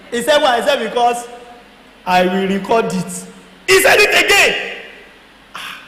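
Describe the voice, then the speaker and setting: Taking his time with long pauses, a high-voiced Nigerian guest speaker recounts his testimony in lively fashion, playing out conversations, laughing and shouting. The sound carries the echo of a hall and a faint hum of noise.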